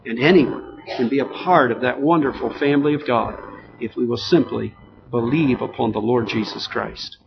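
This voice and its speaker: A man's voice: medium pitch, normal speed, gravelly. A man preaching a sermon in an earnest, emphatic, conversational way, with many fillers. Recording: dull lo-fi sound with faint noise.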